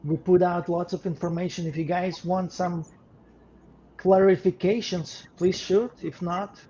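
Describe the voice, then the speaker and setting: A man's voice: high-pitched, flat delivery, measured pace, dark tone. A man co-hosting a casual podcast, talking earnestly and often repeating words as he starts a phrase. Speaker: podcast co-host. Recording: dull lo-fi sound with faint noise.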